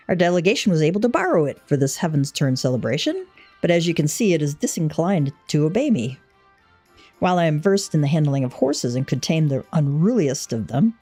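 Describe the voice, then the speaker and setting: A flustered young horse handler, put on by a woman reading game text, pitching up high and exasperated in formal, archaic speech. The voice swings widely and stays soft-toned. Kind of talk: read-aloud game dialogue.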